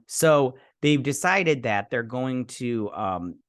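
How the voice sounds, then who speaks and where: A man's voice: medium pitch, lively intonation, takes it slowly. Guy doing a casual rambly tv episode review for his channel, chatty, lots of asides.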